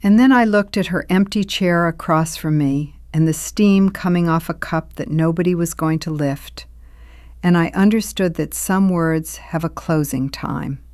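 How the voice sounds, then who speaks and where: An older woman narrates her own memories in an unhurried, reflective way, her voice sitting low and sometimes sinking to a near whisper. The sound is dry and close, with no room around it. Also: darkish tone, no echo. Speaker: storyteller. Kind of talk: scripted first-person narration.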